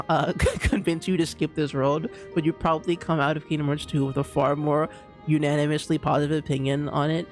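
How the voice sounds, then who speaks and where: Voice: medium pitch, moderate pace, soft background music. Exasperated streamer with a Bermudian accent. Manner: animated, exasperated ranting with frequent laughter. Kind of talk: casual gameplay commentary.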